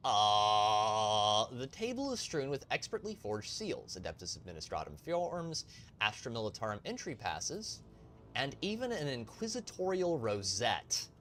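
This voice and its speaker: A man's voice: mid-range voice, big pitch swings, a little slow, a bit bright, slight background noise. A man streaming a role-playing game, reading game logs aloud and commenting casually, with the odd swear word. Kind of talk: casual let's-play commentary.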